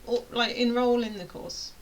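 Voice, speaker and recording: A British woman tutors an online course in a casual, chatty explainer style, rambling, playful and interrupting herself. Her voice is fairly high and flat at a moderate pace, and the poor recording carries a faint hiss.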